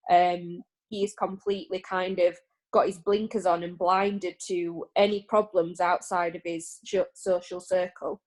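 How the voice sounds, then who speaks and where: A woman's voice: fairly low pitch, little pitch movement, measured pace. Thoughtful British woman English teacher. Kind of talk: recorded online lesson discussion.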